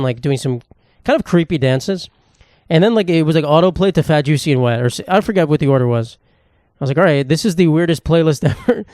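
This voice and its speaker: A young man hosting a casual solo podcast, rambling and joking with lots of profanity and quick asides. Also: mid-range voice, a little mellow, smooth, dry recording, clean studio sound. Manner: rambling, profane, jokey, fast-talking. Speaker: podcast host.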